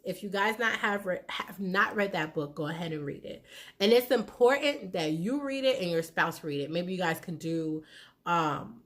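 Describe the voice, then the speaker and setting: A woman's voice: on the low side, fairly bright tone. A woman in her thirties talking candidly to her viewers about her marriage, frank and conversational, acting out what people said. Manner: frank and conversational, acts out quoted lines. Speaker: vlogger giving relationship advice. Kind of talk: candid personal talk to viewers.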